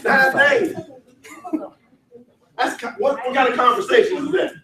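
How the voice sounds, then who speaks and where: A man leading a motivational sales training, shouting, laughing and getting the crowd to answer back. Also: extremely high pitch, unhurried. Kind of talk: motivational seminar talk. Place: large event hall. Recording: echoey hall, voice from far off.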